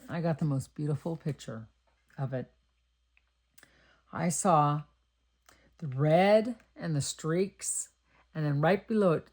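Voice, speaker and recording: A woman's voice: low voice, a little mellow. A middle-aged woman from Texas chatting casually and thinking aloud while she makes greeting cards. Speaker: card-making crafter. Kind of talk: casual crafting chat.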